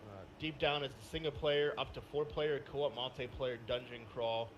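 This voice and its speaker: A man co-hosting a gaming podcast, telling a story in casual chat, animated and swearing freely. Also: medium pitch, normal speed, muffled recording, slight background noise. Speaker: podcast co-host.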